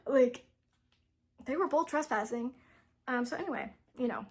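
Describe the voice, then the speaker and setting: A young woman chats her way through a novel's story as a book reviewer, wandering from point to point with constant fillers and easy giggles. Her voice sits a little high and has a soft, breathy grain. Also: animated, unhurried, pauses often. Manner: rambling, full of "like" and "um" fillers, giggly. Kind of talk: casual plot retelling.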